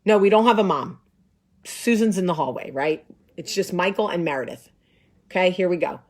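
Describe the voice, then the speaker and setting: Animated sarcastic woman telling a story. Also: lowish voice, moderate pace. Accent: New Jersey. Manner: animated, sarcastic, acts out voices. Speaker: host. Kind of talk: casual storytelling.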